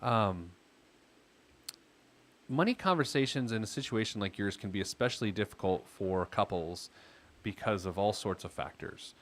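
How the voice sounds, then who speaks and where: A man's voice: on the low side, normal speed, pauses often. A man hosting a financial advice podcast, talking easily with a caller and using lots of filler words. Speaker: podcast host and financial planner. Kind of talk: casual advice chat with a caller.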